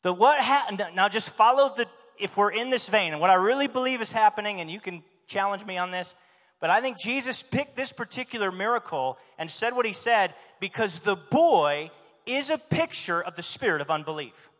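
A man's voice: sits high, lively intonation, moderate pace, fairly bright tone. A man preaching a sermon in a church, speaking emphatically and asking the congregation questions. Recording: long hall reverb.

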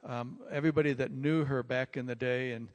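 An older man, a pastor, telling a personal story in sermon style, rambling and repeating himself, growing animated. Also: medium pitch, a little fast. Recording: long reverb from a large hall.

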